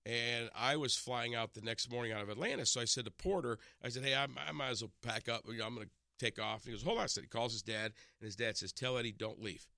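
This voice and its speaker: Man telling animated stories, bright voice. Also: medium pitch, quick pace, vocal fry, few pauses, dry recording, clean studio sound. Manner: animated, acts out quotes, many restarts. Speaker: in-studio guest. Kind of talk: casual storytelling chat. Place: radio studio. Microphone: studio microphone.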